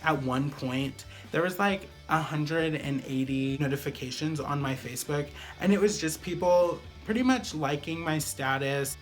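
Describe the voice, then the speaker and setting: A man's voice: a little high, normal speed, few pauses, soft background music. A man vlogger telling a personal story in a casual, chatty way, full of fillers like "like" and "pretty much".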